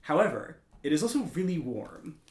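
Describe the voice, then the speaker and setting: A man's voice: on the high side, big pitch swings, normal speed, reverberant. A man playing in a tabletop game, describing his character's gift at easy length. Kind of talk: casual tabletop game chat.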